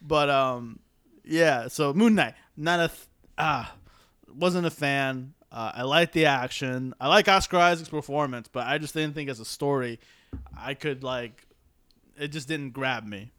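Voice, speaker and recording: A man's voice: mid-range voice, smooth. A young man co-hosting a podcast, chatting casually about shows and laughing often. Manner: laughs often, animated and quick. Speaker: podcast co-host. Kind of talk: casual chat.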